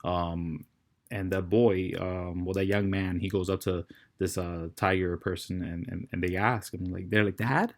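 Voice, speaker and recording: A man narrating as dungeon master, halting and restarting as he describes the scene. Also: low voice, flat delivery. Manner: halting, many fillers and restarts. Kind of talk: narrating a tabletop game.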